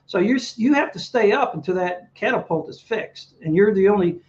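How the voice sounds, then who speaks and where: Guest: male veteran, high-pitched storyteller, slightly muffled lo-fi audio. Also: fairly quick. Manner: animated anecdotes, acts out dialogue. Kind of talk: storytelling interview.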